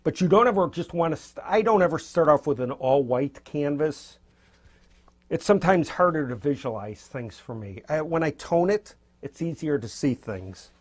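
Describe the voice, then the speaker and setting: A man's voice: on the high side, expressive, moderate pace. A man teaching abstract painting as he works, talking in a loose, encouraging, spontaneous way. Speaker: painting instructor. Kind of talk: casual painting demonstration.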